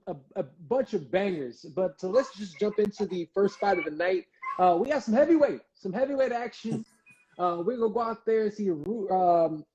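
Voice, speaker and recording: A man's voice: sits high, dark tone. Man hosting a muffled live-stream chat. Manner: loose, slangy, repeats words. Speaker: interview host. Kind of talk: casual live-stream interview. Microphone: video call.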